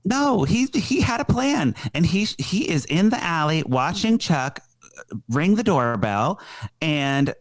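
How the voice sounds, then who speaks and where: A man's voice: on the high side, takes it slowly, dry recording. A man co-hosting a podcast, casually recapping a movie and acting out the characters' lines. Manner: animated storyteller, acts out quotes. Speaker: podcast co-host.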